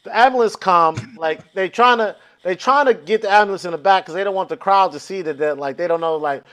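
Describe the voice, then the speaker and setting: A man's voice: sits high, fairly quick, fairly bright tone, slight background noise. A man telling a long funny story, acting out quotes and swearing freely as he goes. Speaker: comedian guest. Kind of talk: storytelling on a comedy podcast.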